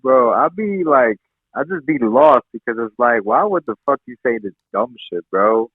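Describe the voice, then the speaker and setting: A young Bronx comedian, chatting as a podcast guest in a laid-back, slangy and profane way. His pitch swings animatedly, and the recording sounds dry and slightly dull and muffled. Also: expressive, normal speed, slightly rough, no echo. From the Bronx, New York. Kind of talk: casual podcast chat.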